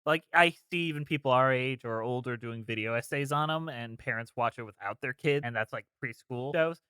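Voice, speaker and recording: A man's voice: mid-range voice, a little fast, sharp tone, smooth, dry recording. A man co-hosting a casual podcast, rambling along as he reads out trivia facts. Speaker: podcast co-host.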